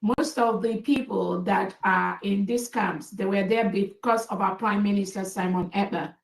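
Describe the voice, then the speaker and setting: Measured woman giving a public address, raspy edge, roomy echo. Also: mid-range voice, fairly even intonation. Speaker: speaker in a played clip.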